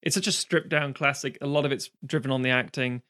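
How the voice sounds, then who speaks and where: Guy on a podcast geeking out, swears for emphasis, average pitch. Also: steady tone, quick pace, pushed and bright. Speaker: podcast co-host. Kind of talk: casual chat.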